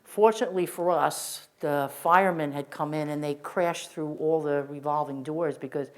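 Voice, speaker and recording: An older woman recounts her own experience as spoken testimony. Her voice sits a little low for a woman. She tells it earnestly and vividly and often restarts her sentences as she goes. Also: steady tone, normal speed. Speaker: witness sharing testimony. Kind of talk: first-person spoken testimony.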